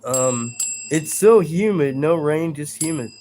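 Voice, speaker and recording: Slow-talking man chatting on a live stream. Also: fairly high pitch, animated, darkish tone, slight background noise. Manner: rambling, self-deprecating, stumbles over words. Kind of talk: casual live-stream chat reading viewer comments.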